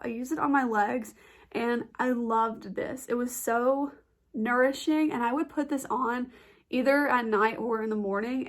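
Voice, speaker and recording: A young woman chatting casually about beauty products she has used up, her voice nasal and stuffy from a blocked nose, with lots of "like" fillers. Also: fairly high pitch. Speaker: beauty vlogger.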